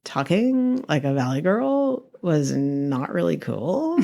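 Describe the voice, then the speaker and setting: A woman's voice: sits low, very animated, slow pace, gravelly, dark tone. A woman from New York co-hosting a podcast, telling stories in a casual chat and laughing often. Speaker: podcast co-host.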